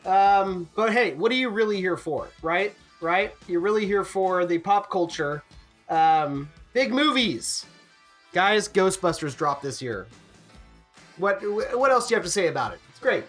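A man's voice: high voice, expressive, unhurried, a bit bright, soft background music. A man co-hosting a podcast in casual chat, rambling and jokey with lots of fillers. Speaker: podcast co-host.

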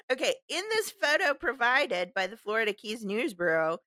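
A woman's voice: a little high, pushed and bright, dry recording. A woman co-hosting a podcast, reading a news story aloud with sarcastic asides and frequent laughter. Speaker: podcast co-host.

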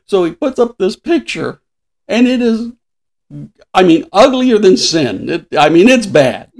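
A man's voice: high-pitched, sing-song, unhurried, a little mellow. A man in his sixties, a podcast host, chatting casually and laughing often as he retells stories. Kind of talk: casual chat.

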